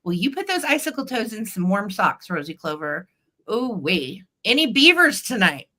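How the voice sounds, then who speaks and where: A woman's voice: medium pitch, big pitch swings, normal speed, pushed and bright. A middle-aged woman hosting a live vintage sale stream, bubbly and chatty, greeting viewers by name.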